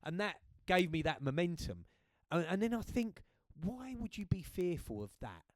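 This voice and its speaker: A British man in his fifties, chatting on a podcast as a guest, telling stories in a lively way and often checking in with the listener. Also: high voice, moderate pace, no room sound. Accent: British English. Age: 50s. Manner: lively storyteller, checks in with "right?". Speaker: guest, host's father. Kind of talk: casual podcast chat.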